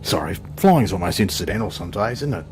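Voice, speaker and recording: A very animated Australian man with a low voice talks a little fast while hosting his flight sim channel. He chats and jokes through the gameplay, happily making fun of himself.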